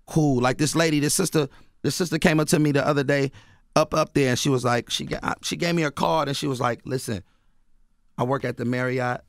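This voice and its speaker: A man's voice: on the high side, fairly even intonation, quick pace, creaky, no room sound, clean studio sound. A man from Oakland, a radio guest telling loose stories packed with "you know what I mean". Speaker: guest author and rapper. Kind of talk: casual radio interview. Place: radio studio.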